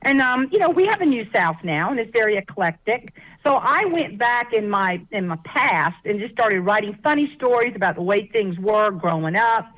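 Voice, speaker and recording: A woman's voice: mid-range voice, lively intonation, moderate pace, a bit bright, poor audio. Chatty Southern woman, laughs a lot. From American South. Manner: folksy, laughs often, chatty. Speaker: guest author. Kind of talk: casual interview storytelling.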